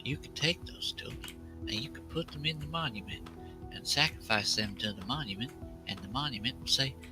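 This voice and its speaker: A man chatting with other players on a live game stream, calmly explaining things to the group. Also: medium pitch, poor audio. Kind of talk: casual chat among players.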